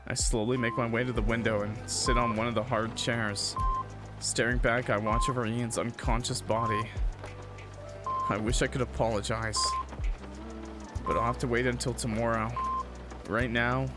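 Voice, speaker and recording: A young man streaming a visual novel, reading the story aloud with a dramatic tone and breaking off for casual jokes. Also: medium pitch. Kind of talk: reading a game aloud with jokey asides.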